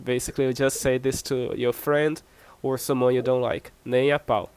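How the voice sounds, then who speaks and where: A man's voice: mid-range voice, little pitch movement, darkish tone, smooth. A Brazilian man, a native Portuguese speaker, teaching Portuguese phrases in English, patient and repetitive, checking understanding with "okay?". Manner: patient, repeats phrases often with "okay?" and slow drilled examples. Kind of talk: online language lesson.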